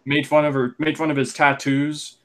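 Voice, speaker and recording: A young man co-hosting a casual wrestling podcast, rambling and animated, full of fillers. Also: on the high side, moderate pace. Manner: chatty, rambling, animated opinions with lots of fillers. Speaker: podcast co-host.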